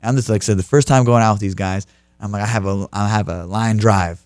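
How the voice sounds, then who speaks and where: A man's voice: on the low side, fairly even intonation, fairly quick, a little mellow, clear, resonant tone, no room sound, studio quality. A young man in his twenties, an interview guest who tells stories with energy and laughs through the punchlines. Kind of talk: casual storytelling interview.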